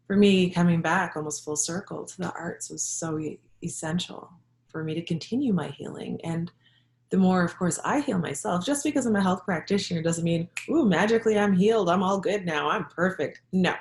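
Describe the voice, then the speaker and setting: A middle-aged woman, a health practitioner and yoga teacher, sharing a personal story in a reflective, halting way with soft laughs. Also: on the low side, creaky. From Jamaica. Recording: echoey room.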